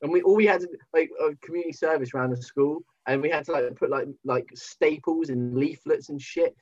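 A British man chatting casually as a podcast guest, joking and animated, over a remote call. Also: on the high side, fairly quick, lo-fi sound. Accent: British English. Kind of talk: casual chat.

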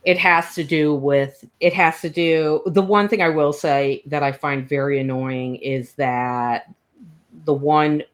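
A woman chats as a podcast co-host, her voice sitting low. She tells her stories in an animated, gushing rush. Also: slow pace. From New York. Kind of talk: casual chat.

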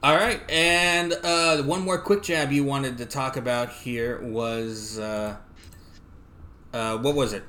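A man's voice: mid-range voice, steady tone, takes it slowly, bright, forceful tone, a little hiss or hum. A man co-hosting a wrestling podcast from his apartment, talking in an easygoing, hesitant way with lots of fillers. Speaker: podcast co-host. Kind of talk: casual wrestling chat.

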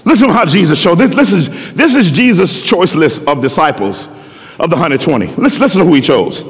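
Animated slangy preacher. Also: male voice, a little high, brisk. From Philadelphia. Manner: slangy, animated, repeats words. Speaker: pastor. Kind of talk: sermon. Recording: echoey hall.

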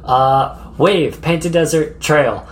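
A man's voice: a little high, very slow, slight background noise. A man co-hosting a casual travel podcast, rambling with many fillers and laughing often. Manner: rambling, giggly, lots of fillers. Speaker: podcast co-host.

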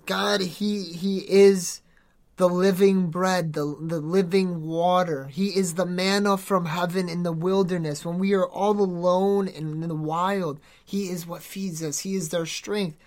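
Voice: mid-range voice, steady tone, a little slow, darkish tone. A podcast host preaching informally in an earnest, exhorting way, rambling with many restarts and self-corrections. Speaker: podcast host giving a devotional.

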